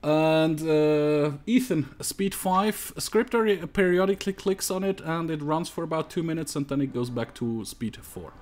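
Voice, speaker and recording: A man's voice: fairly high pitch, moderate pace, hardly any pauses, a little mellow. A man streaming a co-op strategy game, chatting casually and thinking aloud as he plays. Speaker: let's play streamer. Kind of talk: casual co-op gameplay chat.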